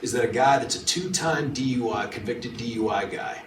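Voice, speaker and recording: Addressing a political club in a meeting hall, a district attorney speaks at a moderate pace in a mid-range voice, with faint music in the background. He tells lively stories and performs the quotes, captured by a distant mic in an echoey room.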